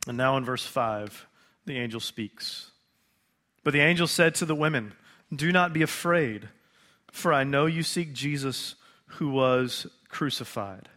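A man preaching a conversational sermon, asking rhetorical questions and pausing for effect. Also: medium pitch, expressive, pushed and bright. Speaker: pastor.

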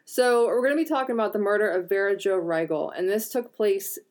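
Female podcast co-host, mid-pitched, profane, joking storyteller. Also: fairly quick, a little mellow. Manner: profane, joking, frequent throat clearing. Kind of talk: casual chat, telling a true crime story.

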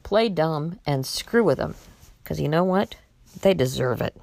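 A woman's voice: low voice, lively intonation, unhurried, creaky, a little mellow. A woman talking casually to her viewers with a blunt, exasperated and outspoken manner. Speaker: vlogger warning about scams. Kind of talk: casual monologue to camera.

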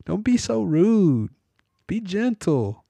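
A man putting on the voice of his wife as she gently scolds him, in a soft, coaxing, higher voice. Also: sing-song, slow, creaky, dry recording, heavily acted. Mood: gentle chiding.

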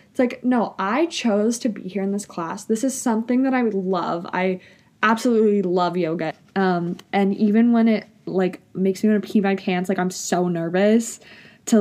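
A woman's voice: mid-range voice, a little mellow. A young woman in her twenties chatting casually to viewers, gushing and emotional, full of filler likes, reading bits from her journal. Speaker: vlogger. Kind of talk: casual chat.

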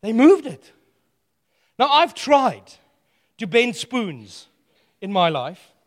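A man preaching a sermon, animated and playful, telling stories with humor. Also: very high-pitched, takes it slowly, long reverb tail.

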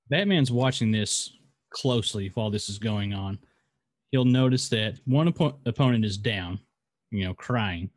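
A man's voice: lowish voice, no room sound. A man co-hosting a podcast in casual chat, rambling and hesitant. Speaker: podcast co-host.

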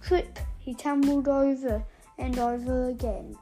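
A woman reading a children's story aloud in an expressive, playful way. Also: sits high, measured pace. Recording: faint background music.

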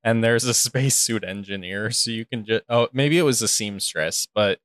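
Casting: young American man, co-host, wry, dry humor, lowish voice, close dry sound. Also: normal speed, a bit bright, smooth, no echo. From United States. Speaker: podcast co-host. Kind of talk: casual chat.

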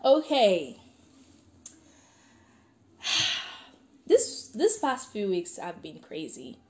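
A woman's voice: medium pitch, huge pitch swings, very slow. A young woman hosting her own podcast, chatting casually and giggling while she reads a friend's letter aloud with feeling. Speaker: podcast host.

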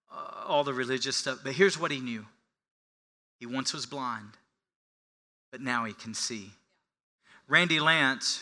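A man preaching a sermon, moving between quiet, hushed passages and loud, emphatic ones, and acting out the lines of the man he tells about. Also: medium pitch. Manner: acts out the beggar's lines with a raised voice. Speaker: pastor.

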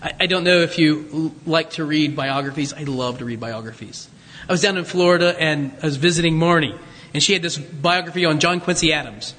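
A man's voice: a little high, steady tone, fairly quick, a bit bright, big-room sound. A man preaching a conversational sermon, teaching from scripture with joking asides to his congregation. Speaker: pastor.

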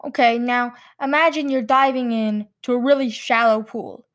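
A woman's voice: fairly high pitch, steady tone, normal speed. A woman playing a rambling, silly charity founder in an improvised comedy sketch, dragging out her words.

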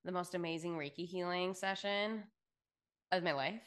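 A woman's voice: on the low side, moderate pace, a bit bright, smooth. Podcast co-host, woman; loose, gushing, filler-heavy casual talk with curse words. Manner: effusive, swears freely, many fillers. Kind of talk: casual chat.

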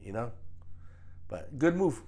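A man of Mexican heritage hosting a podcast, talking in a profane, animated, advice-giving way in casual chat. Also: mid-range voice, slow.

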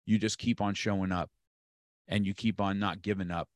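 A man of about sixty from California, a martial arts instructor appearing as a guest, speaks in a fairly low voice with fairly even intonation at a moderate pace. He is emphatic, repeating key phrases to motivate in this motivational conversation. The studio-quality recording has no echo.

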